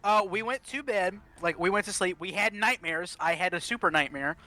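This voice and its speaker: A young adult player in a tabletop game, excitable and quick, stumbling over restarts. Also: medium pitch. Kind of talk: casual tabletop game chat.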